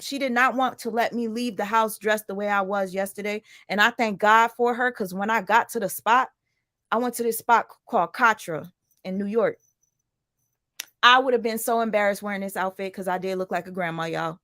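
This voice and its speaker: A woman's voice: medium pitch, brisk, pushed and bright, dry recording. Chatty woman livestreaming, dry close sound. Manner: chatty, addresses viewers directly, rambling asides. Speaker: livestream commentator. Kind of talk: casual livestream chat.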